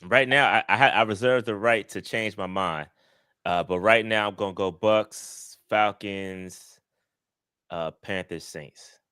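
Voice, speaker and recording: A man's voice: on the low side, measured pace, sharp tone, clean tone, dry recording, studio quality. A man on a sports roundtable panel, chatting casually in a laid-back, amused way. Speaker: podcast panelist.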